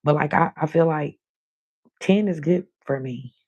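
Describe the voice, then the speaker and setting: A woman's voice: deep voice, unhurried, a little mellow, muffled recording. A woman hosting her own live stream, chatting casually and talking straight to her viewers. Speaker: livestream host.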